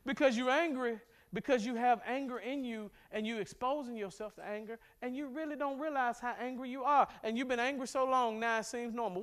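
A pastor preaches to his congregation with a high, bright voice. He is animated and joking, building to loud, emphatic points before dropping back down. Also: a little fast, few pauses. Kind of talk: sermon. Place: church sanctuary.

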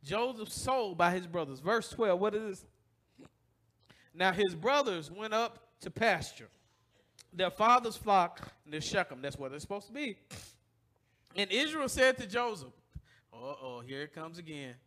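A male pastor preaching a lively, humorous sermon in a church, asking the congregation to finish his sentences. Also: high voice, measured pace, long pauses. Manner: animated, call-and-response, humorous.

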